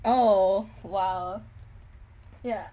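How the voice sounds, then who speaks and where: A teenage girl hosting her own podcast, chatting casually with lots of fillers and quick laughs. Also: medium pitch, steady tone, dark tone. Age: teens. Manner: giggly, filler-heavy chatter. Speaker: podcast host. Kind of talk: casual chat.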